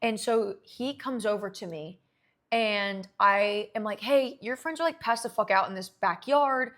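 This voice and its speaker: A woman in her twenties, a streamer telling a long story in casual chat, animated and swearing freely. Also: medium pitch, a little slow.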